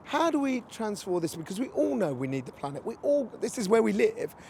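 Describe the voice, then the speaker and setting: A man's voice: high voice, very animated, a little fast, gravelly, darkish tone, a little hiss or hum. A man interviewing a guest outdoors, asking questions in a chatty, conversational way. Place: outdoors near a street demonstration.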